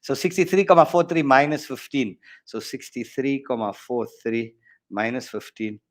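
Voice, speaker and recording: A man's voice: mid-range voice, moderate pace. A South African man teaching maths in an online exam workshop, joking and bantering between worked steps. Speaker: maths tutor. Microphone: online stream mic.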